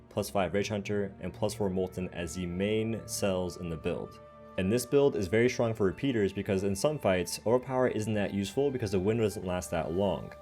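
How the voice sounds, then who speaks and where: Low-voiced man explaining game builds. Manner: casual, steady step-by-step explaining. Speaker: gaming channel host. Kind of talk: game build guide voice-over.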